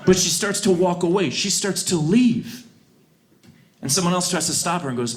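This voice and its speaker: A man performing a stand-up comedy set on a club stage, swinging between quiet deadpan and loud outbursts. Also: high-pitched, normal speed. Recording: live show with audible audience noise.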